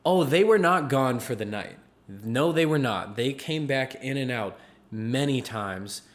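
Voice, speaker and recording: On a podcast, a male co-host tells a story in relaxed chat, playing out the characters with animated quotes and laughter. His voice is medium in pitch and a little slow.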